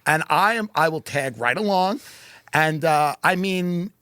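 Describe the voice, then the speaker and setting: A man's voice: on the high side, a little slow, bright, forceful tone, clear, resonant tone, dry recording. A man hosting an interview, chatty and self-deprecating, telling stories in casual conversation. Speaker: interview host.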